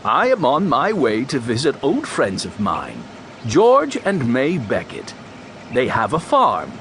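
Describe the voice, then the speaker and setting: A man reading a storybook, voicing a kindly, measured older grandfather close to his own voice. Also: mid-range voice, huge pitch swings, fairly bright tone, a little hiss or hum, full character voice.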